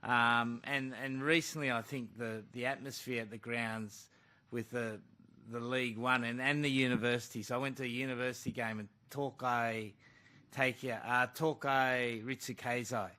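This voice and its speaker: A man's voice: medium pitch, steady tone, moderate pace, bright, forceful tone. A man, a rugby coach, answering reporters at a press conference in a blunt, conversational way. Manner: blunt, conversational, calls people mate. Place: press club room.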